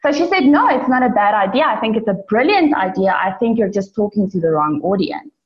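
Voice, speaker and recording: A woman's voice: mid-range voice, fairly quick. A woman from South Africa who runs an online business, telling a personal story in a chatty way with lots of fillers. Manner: chatty, many fillers, animated in retelling. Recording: roomy, dull lo-fi sound.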